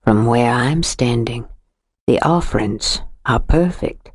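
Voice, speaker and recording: A woman voicing a menacing male stalker who speaks in a low, syrupy, exaggerated Southern drawl, in an audiobook reading. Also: slightly rough, dry recording, studio quality, exaggerated voice. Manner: slow, sweet, menacing.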